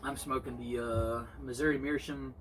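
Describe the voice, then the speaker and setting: A man's voice: medium pitch, steady tone, normal speed, fairly bright tone, far from the mic. A laid-back man with a South Carolina drawl talks in an easy, rambling way. He sits a little back from the mic outdoors, and faint background hum drifts around his voice. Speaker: guest. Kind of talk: casual chat. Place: front porch, outdoors.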